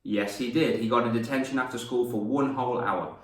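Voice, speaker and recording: An animated young Englishman tells classroom stories to camera, laughing at his own tales and slipping into voices. His voice sits in the middle register and is heard from a little way off in a roomy, echoing space. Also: medium pitch, a little fast, far from the mic. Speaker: confidence coach and former teacher. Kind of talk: storytelling lesson to camera. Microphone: camera mic. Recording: roomy echo, mic set back.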